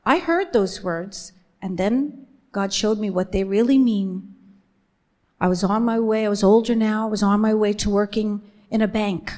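A woman's voice: a little high, darkish tone. Earnest woman giving a faith testimony. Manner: earnest and emphatic, slows down on key phrases. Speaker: speaker sharing her faith testimony. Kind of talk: personal faith testimony to a women's gathering.

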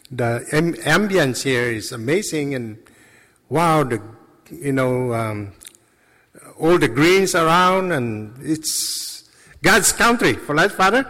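A man telling casual stories and jokes into a handheld microphone, rambling and halting, laughing at his own anecdotes. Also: fairly high pitch, sharp tone. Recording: long reverb of a large hall.

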